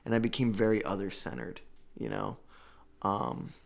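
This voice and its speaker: Man, lowish voice, heartfelt testimony, halting, restarts often. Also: very animated, vocal fry. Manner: earnest, halting, with many restarts. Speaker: guest telling his recovery story. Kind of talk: emotional personal testimony.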